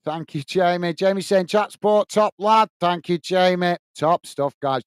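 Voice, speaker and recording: A man from England with a high, smooth, clear voice calls a football match for a live fan stream. He reads viewer comments aloud between passages of play and cheers on his side. The sound is close and dry, with no room around it. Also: a little slow, no room sound. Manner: chatty, reads out viewer comments, partisan for his own team. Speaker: watch-along host and commentator.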